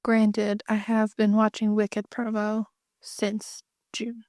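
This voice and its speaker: A young adult woman co-hosting a podcast in casual chat, talking in quick bursts with lots of fillers. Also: mid-range voice, monotone, a little mellow, no room sound, studio quality. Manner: chatty, many fillers, quick asides. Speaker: podcast co-host.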